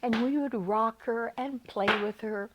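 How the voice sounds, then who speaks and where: An older woman telling a childhood story in a gentle, sing-song way, lingering tenderly on her words. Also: fairly high pitch, unhurried, noisy background. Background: music.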